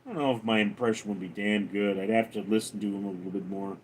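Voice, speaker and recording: A man hosting a casual livestream, reading viewer comments aloud in a raised voice and answering them lower and faster. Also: a little hiss or hum. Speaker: livestream host.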